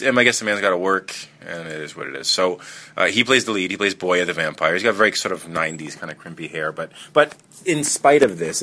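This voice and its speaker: A man's voice: sits low, pushed and bright. A man hosting a podcast, casually reviewing a film in a rambling, enthusiastic way with many fillers and restarts.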